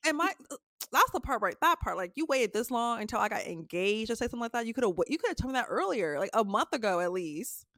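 Fairly high-voiced animated woman co-host. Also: fast talker, no echo, clean studio sound. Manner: animated, slangy, swears freely, acts out friends' lines. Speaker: podcast co-host. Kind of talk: casual chat.

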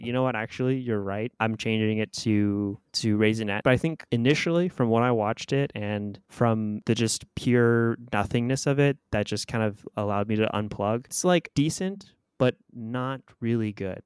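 A man's voice: mid-range voice, clean tone, no echo. A man in his twenties co-hosting a movie review podcast, chatting casually and rambling through food analogies. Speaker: podcast co-host. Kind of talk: casual chat.

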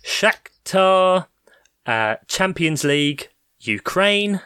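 A man's voice: high-pitched, animated, very slow, pushed and bright, clean tone, no echo, studio quality. A man hosting a casual podcast football quiz, reading out answers in a playful, teasing way. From England. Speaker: quiz host.

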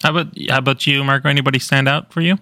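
Podcast host guy, bright voice, chill, asks questions, dry mic. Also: mid-range voice, fairly even intonation, very fast, no room sound. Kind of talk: casual chat.

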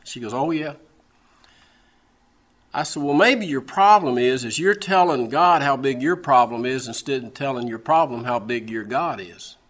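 A male preacher delivers a sermon through a folksy personal story, with a bright, forceful voice. He has a Southern American accent and keeps doubling back on his words before pressing on. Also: mid-range voice, expressive, normal speed, hardly any pauses. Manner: folksy storytelling, repeats words, laughs at own jokes.

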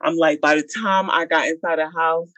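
A woman's voice: low-pitched, normal speed, dry recording. A woman in her thirties telling a dramatic story in casual chat, acting out the people in it. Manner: animated, dramatic, acts out voices.

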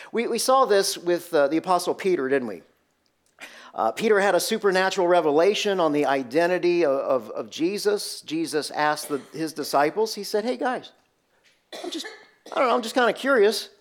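A man preaching a sermon, telling stories and asking the congregation rhetorical questions. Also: a little high. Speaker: pastor.

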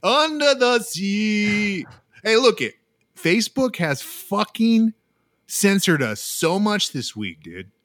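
A man's voice: high voice, very animated, slow, a bit bright, no room sound, studio quality. A man co-hosting a podcast, brash and profane, saying "dude" at every turn. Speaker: podcast co-host. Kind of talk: crude casual podcast banter.

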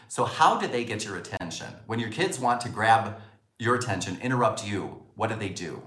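A man's voice: medium pitch, brisk. A man teaching a spoken lesson on communication, acting out quoted lines as he goes. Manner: animated, acts out quoted lines. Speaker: communication coach. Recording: roomy echo.

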